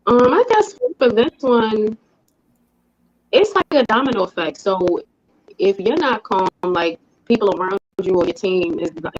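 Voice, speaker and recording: A soft-spoken woman on a video call who talks briefly and a little hesitantly. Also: mid-range voice, expressive, measured pace, husky, highs cut off. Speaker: participant. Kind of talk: casual chat on a video call.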